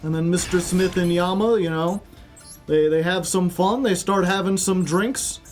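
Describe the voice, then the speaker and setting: A man's voice: high voice, moderate pace, soft background music. A man streaming a card game, chatting casually and spinning silly rambling stories.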